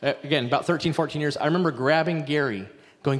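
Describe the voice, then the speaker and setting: A middle-aged man preaching a sermon, telling a story in an animated, rambling way with asides. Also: on the high side, quick pace, long reverb tail. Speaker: pastor. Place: church sanctuary.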